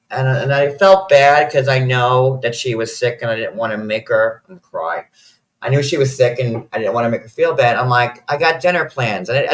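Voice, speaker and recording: A man's voice: mid-range voice, fairly bright tone, rough recording. A man in his thirties tells a personal story in loose, rambling sentences. He swears freely, and at moments he is close to tears. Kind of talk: emotional casual storytelling.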